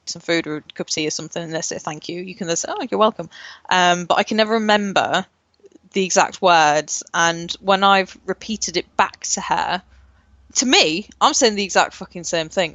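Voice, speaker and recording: A woman's voice: on the low side, fairly bright tone, no room sound, dull audio. A woman co-hosting a casual podcast, rambling with lots of fillers and swearing freely. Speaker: podcast co-host. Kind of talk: casual chat.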